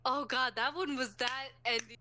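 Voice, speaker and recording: A woman's voice: high voice, fairly even intonation, normal speed, bright, forceful tone, slight background noise. A young woman co-hosting a podcast, chatting casually, giggling and swearing as she tells stories. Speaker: podcast co-host. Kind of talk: casual chat.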